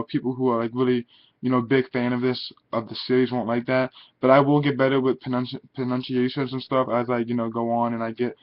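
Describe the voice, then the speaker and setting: Rambling young man, lo-fi recording. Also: medium pitch. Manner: rambling, many fillers like "you know" and "like". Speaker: manga reviewer. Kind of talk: casual spoken review.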